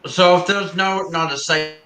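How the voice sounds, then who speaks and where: Bright-voiced man chatting in an echoey room. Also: a little high, steady tone, moderate pace. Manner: laughing, joking, reads chat aloud. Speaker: live stream host. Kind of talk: casual chat. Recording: echoey room with faint ambient noise.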